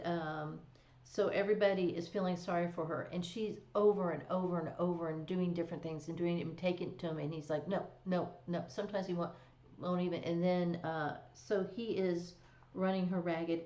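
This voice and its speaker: A woman with a fairly low, mellow voice hosts a live stream, casually recapping a drama with fillers and laughter. The stream audio is echoey, dull, and lo-fi.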